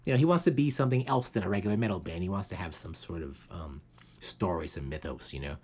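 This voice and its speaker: Man, podcast host, husky voice, lively up-and-down delivery, loose rambling chat. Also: low voice, fast. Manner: rambling, lots of fillers and put-on quotes.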